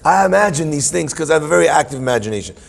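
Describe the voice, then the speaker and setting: A man leading a Torah class, playful and self-deprecating, and often wandering into musing asides. His voice is gravelly and husky, pitched slightly above the usual male range. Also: animated, rapid-fire. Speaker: Torah teacher.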